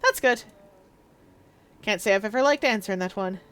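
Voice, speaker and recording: A woman's voice: mid-range voice, animated, normal speed, a bit bright, natural voice. A woman voicing a boastful, street-wise rat-catcher shopkeeper in a chatty, cheeky manner as she reads a text game aloud.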